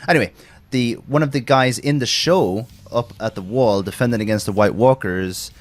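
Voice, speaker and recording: A man's voice: mid-range voice, moderate pace. A man hosting a casual gaming podcast, rambling through stories, laughing often and swearing casually. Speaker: streamer host.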